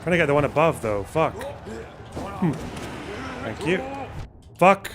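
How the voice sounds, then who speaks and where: A man's voice: on the high side, sing-song, unhurried, background noise. A young man streaming a game live, reacting with constant swearing and panicky running remarks. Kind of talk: live gameplay commentary.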